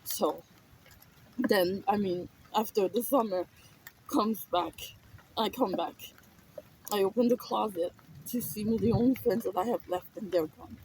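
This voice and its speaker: A woman's voice: medium pitch, a little slow, pauses often, a little mellow, a little hiss or hum, low-quality recording. A woman telling a personal story in a raw, emotional, profane way.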